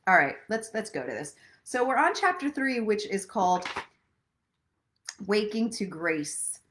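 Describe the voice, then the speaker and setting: A woman's voice: mid-range voice, very animated, unhurried, a bit bright, a little hiss or hum. A middle-aged woman, a self-love coach, chatting casually and emotionally with viewers on a live stream, then reading aloud from a book. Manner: chatty, emotional, laughs often. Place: at home in Los Angeles.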